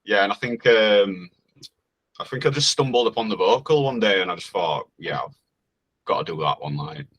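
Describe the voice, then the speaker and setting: Low-voiced Yorkshire guest, bright tone. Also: male voice, normal speed, muffled recording. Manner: relaxed, hesitant, northern dialect words. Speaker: guest musician. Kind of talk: casual interview chat.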